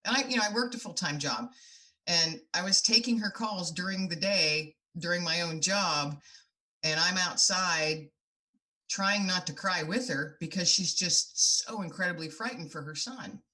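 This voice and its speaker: A woman's voice: on the low side, measured pace, sharp tone. A middle-aged woman speaking as a podcast guest, telling her stories in an earnest, heartfelt way. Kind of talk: podcast interview.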